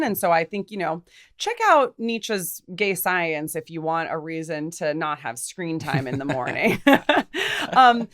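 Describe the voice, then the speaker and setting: Woman, young adult, co-host; lively, lower voice, animated philosophical chat. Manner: lively, thoughtful, frequent fillers. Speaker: podcast co-host. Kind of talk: casual philosophical discussion.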